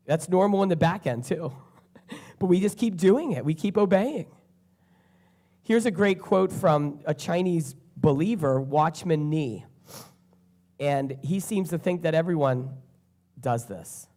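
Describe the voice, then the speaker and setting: An earnest preacher delivers a sermon in a voice of middling pitch. Key phrases come back again and again for emphasis, in a plain, direct way of talking to a congregation. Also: expressive, measured pace, pauses often, warm tone.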